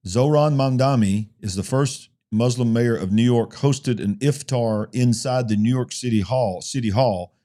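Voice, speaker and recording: A man's voice: medium pitch, measured pace, few pauses, mellow. A male host discussing news headlines, reading articles aloud with emphatic asides. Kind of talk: news commentary talk show.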